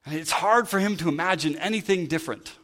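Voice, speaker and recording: A man's voice: a little high, fast, fairly bright tone. A man preaching a sermon in a conversational way, thinking aloud and often restarting his sentences. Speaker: pastor.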